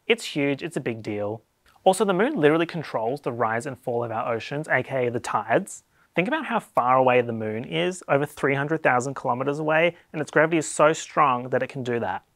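A man's voice: medium pitch, animated, a little fast, a bit bright, no echo. An Australian man hosting a comedic explainer video, talking in a playful, wry and sarcastic way. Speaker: YouTube host.

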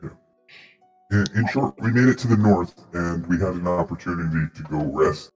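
A man's voice: sits low, normal speed, darkish tone, soft background music. A man playing a tabletop game who chats casually over a video call with dry, self-mocking humor. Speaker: player.

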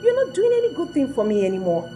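Snooty nigerian girlfriend, high voice swinging up and down, cold and lecturing. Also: huge pitch swings, fast talker, warm tone, soft background music. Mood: scornful. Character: status-hungry young woman dumping her boyfriend, haughty. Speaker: actor. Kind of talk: film acting.

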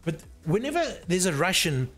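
A man talks to his stream in a high, bouncy voice that swoops up and down. He teases and swears as he tinkers with gear. Soft music plays quietly behind him. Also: big pitch swings, normal speed. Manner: loose, swearing, teasing chatter while tinkering with hardware. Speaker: live streamer. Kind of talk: casual live-stream chat.

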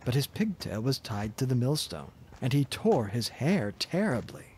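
Softly spoken man reading a fairy tale. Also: mid-range voice, moderate pace, a little hiss or hum. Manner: gentle, expressive reading. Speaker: storyteller.

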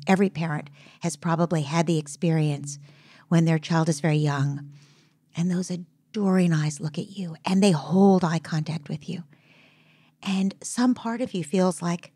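A woman guest speaking in a podcast interview in a slow, reflective and halting way. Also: lowish voice, a little mellow, no room sound. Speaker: guest, parenting psychologist. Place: Brooklyn brownstone.

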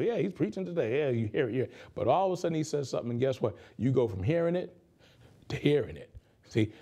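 A man's voice: medium pitch, mellow. A male pastor giving a conversational sermon in a radio studio, repeating phrases for emphasis.

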